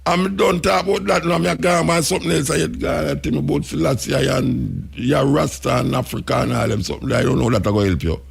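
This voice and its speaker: A Jamaican radio talk show host arguing with a caller and scolding him. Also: male voice, on the high side, quick pace, creaky, hardly any pauses, breathy edge. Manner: exasperated, scolding, interrupting. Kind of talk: call-in radio chat.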